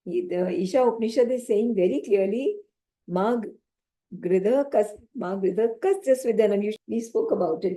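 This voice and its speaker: Mellow-voiced woman teaching scripture. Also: medium pitch. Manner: explains slowly, repeats key phrases, asks the audience questions. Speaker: spiritual teacher. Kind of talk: lecture on scripture.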